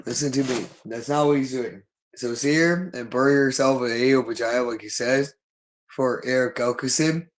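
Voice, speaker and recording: Male livestreamer, unscripted solo monologue, insistent and repetitive, middle pitch. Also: poor audio.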